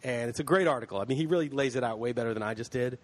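A man's voice: mid-range voice, rapid-fire. A man hosting a podcast in casual chat, heated and ranting, swearing freely. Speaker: podcast host.

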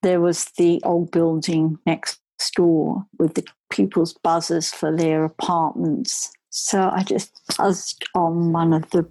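A woman telling a personal story in an animated way, dropping into breathy asides. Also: lowish voice, no room sound, poor audio. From England. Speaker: storyteller guest.

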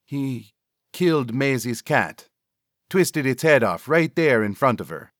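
A man's voice: medium pitch, expressive, slow, no echo, clean studio sound, voice pushed up. A man reading a story aloud, voicing a worried young woman who talks earnestly to her cousin.

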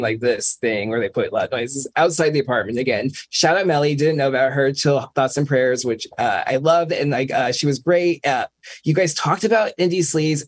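A man's voice: mid-range voice, slightly rough. A man in his forties, a guest DJ on a podcast, talking in a rambling, hedging way with wry jokes. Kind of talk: casual podcast chat.

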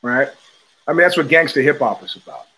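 A man hosting his own show, talking in a casual, animated monologue full of emphatic restarts. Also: a little high, fairly quick, poor audio. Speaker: host.

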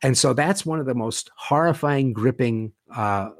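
A man's voice: mid-range voice, normal speed, dry recording, studio quality. A man talking as a guest in a conversation, retelling film scenes with vivid storytelling and acted-out quotes. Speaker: guest, horror author.

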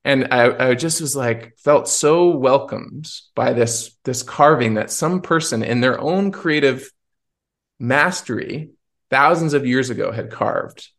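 A male podcast host with a gravelly, creaky texture at a mid-range pitch. He tells a personal story in an earnest, searching way, pausing and restarting his thoughts as he goes. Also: a bit bright. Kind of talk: reflective personal storytelling in conversation.

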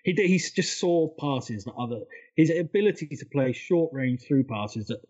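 A man co-hosting a casual football podcast, talking quickly and eagerly through detailed points. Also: fairly high pitch, animated, darkish tone, husky, dull audio. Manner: fast, enthusiastic, detailed storytelling. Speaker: podcast co-host.

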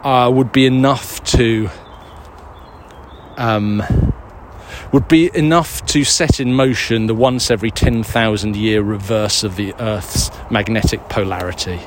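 A man's voice: fairly low pitch, unhurried, noisy background. A man chatting casually and out of breath while walking a dog in the woods, rambling, swearing and mocking himself as he answers listener questions.

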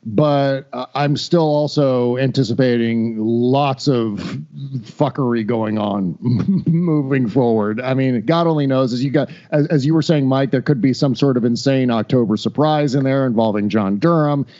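A man's voice: medium pitch, normal speed, mellow. Wry rambling man, lo-fi sound. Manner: wry, rambling with restarts and laughs. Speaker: podcast guest. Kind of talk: casual political chat.

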